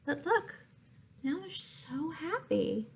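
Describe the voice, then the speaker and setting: Expressive woman reading a picture book. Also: sits high, takes it slowly, vocal fry, a little hiss or hum. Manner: expressive, asks listeners questions, explains words. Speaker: story reader for children.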